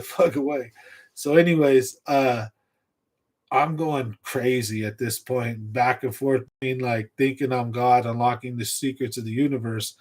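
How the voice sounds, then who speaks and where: A man hosting a fishing livestream, casually telling a rambling story from his youth in an animated way and laughing at it. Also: mid-range voice. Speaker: fishing channel livestream host.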